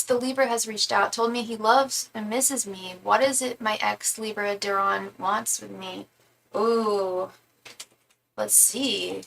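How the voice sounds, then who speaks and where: A young woman talks through a live tarot reading in a loose, rambling, chatty way. Her voice is bright with some gravelly fry. She sits a little back from the mic, with faint noise in the room. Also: distant mic, rough recording. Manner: chatty, rambling, repeats invocations in a low murmur. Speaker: tarot reader. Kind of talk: live-stream tarot reading, casual chat.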